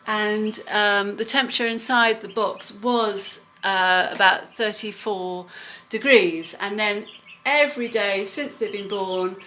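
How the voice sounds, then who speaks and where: Slow, hesitant woman explaining at home. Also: mid-range voice, sharp tone. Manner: slow, hesitant, with many ums. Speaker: home demonstrator. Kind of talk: casual home tutorial.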